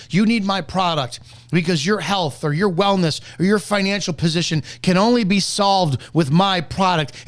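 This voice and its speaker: A man with a somewhat high voice rants bluntly and combatively. He reacts to a clip with profane, fired-up commentary on sales prospecting. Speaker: network marketing commentator.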